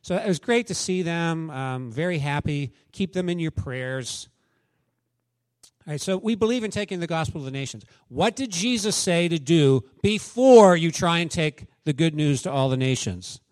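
A man's voice: on the high side, expressive, normal speed, a little mellow, dry recording. A man preaching a sermon as pastor, candid and conversational, telling stories and acting out quotes.

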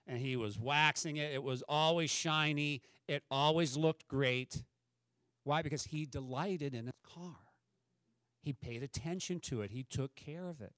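A man's voice: a little high, no room sound. A middle-aged man preaching a sermon as a pastor, talking in a conversational way and asking the congregation questions.

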